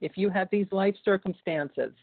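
A woman's voice: mid-range voice, moderate pace, no room sound. A woman speaking earnestly and reflectively as she shares at a recovery meeting, repeating phrases for emphasis. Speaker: meeting member sharing. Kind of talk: personal sharing at a recovery meeting. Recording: dry phone line.

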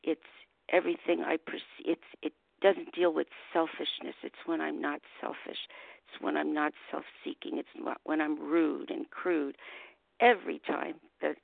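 A woman's voice: low-pitched, flat delivery, normal speed, gravelly, no echo. A woman in her morning voice, sharing earnestly and reflectively at a recovery meeting. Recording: tinny phone-line audio.

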